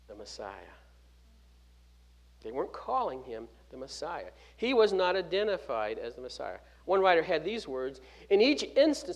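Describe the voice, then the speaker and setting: A man preaching a sermon, stressing key words and dropping from loud to hushed, with restarts and 'uh' fillers. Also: high-pitched. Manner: emphatic preaching with sharp swings from loud to hushed; fills gaps with 'uh' and restarts words mid-phrase. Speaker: pastor.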